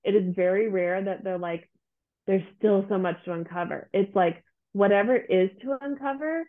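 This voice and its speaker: A woman's voice: medium pitch, moderate pace. Woman therapist on a tinny line. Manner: earnest, animated, quotes her clients' voices. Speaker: guest, grief therapist. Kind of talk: casual interview talk.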